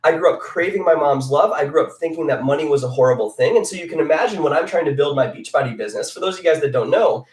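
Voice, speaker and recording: A man's voice: a little high, lively intonation, fast talker, hardly any pauses, a crowd in the background. A young man from the Chicago area sharing a personal story in an earnest, confessional, emphatic way, as a motivational speaker on a live online hangout. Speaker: motivational speaker, former fitness coach. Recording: roomy sound from a distant mic.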